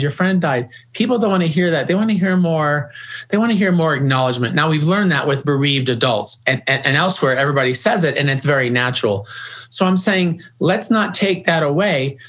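This middle-aged guest, who founded a grief organization, has a voice on the high side with a bit of brightness. In the conversational interview he comes across as earnest, often restarting and saying things twice.

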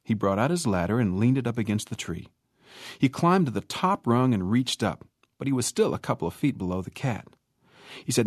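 Man, storyteller, folksy, animated, swooping pitch, dry sound. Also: a little fast, dry recording. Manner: animated, acts out characters.

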